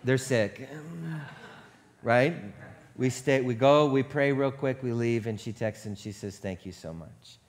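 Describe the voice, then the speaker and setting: A man's voice: mid-range voice, unhurried. A middle-aged male pastor preaching a sermon in a casual, storytelling way, joking about himself and acting out the people he quotes. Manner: storytelling, conversational and self-deprecating, acts out quoted voices.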